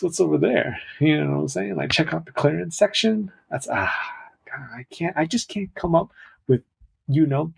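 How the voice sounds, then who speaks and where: Young male podcast host, slightly high, husky voice, casual, rambling, self-interrupting humor. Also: darkish tone.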